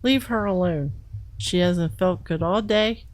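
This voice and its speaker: A woman's voice: on the low side, unhurried, rough recording. A woman co-hosting a crafting livestream in casual, teasing chat, laughing often and bossing her partner around in fun. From not from New York.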